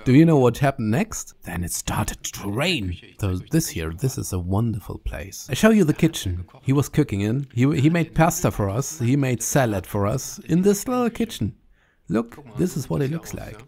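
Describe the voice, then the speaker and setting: A man's voice: medium pitch, sing-song, moderate pace, creaky, a little mellow, breathy edge. A man with a German accent, talking casually to camera about a long walk, chatty and blunt, often laughing. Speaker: vlogger walking a pilgrimage trail. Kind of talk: casual spoken travel diary.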